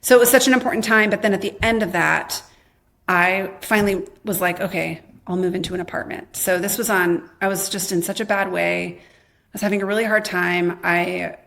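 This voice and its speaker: A woman in her thirties, a podcast guest candidly telling her own life story, quoting her past self in lively bursts with a lot of "like". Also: on the low side, a little fast, gravelly. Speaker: podcast guest, memoir author.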